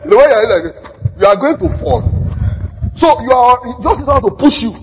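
A man preaching a sermon, telling stories with quoted dialogue and building to shouts. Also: very high voice, lively intonation, fairly quick, slight background noise. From Nigeria. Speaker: pastor. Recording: long hall reverb.

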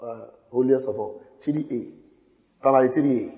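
A man preaching a sermon, telling stories with quoted dialogue and building to shouts. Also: medium pitch, measured pace, dull audio. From Nigeria. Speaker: pastor. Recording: long hall reverb.

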